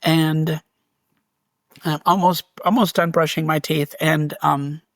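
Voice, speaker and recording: A man, a guest on an interview show, telling a story in an animated way and acting out what was said. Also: fairly high pitch, takes it slowly, dry recording. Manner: animated, restarts and reenacts dialogue. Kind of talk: storytelling in conversation.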